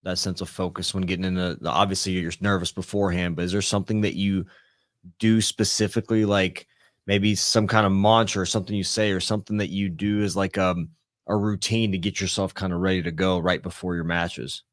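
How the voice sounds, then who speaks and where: A man co-hosting a podcast, asking a long, halting question full of fillers. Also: low voice, flat delivery, dry recording, clean studio sound. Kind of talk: casual interview talk.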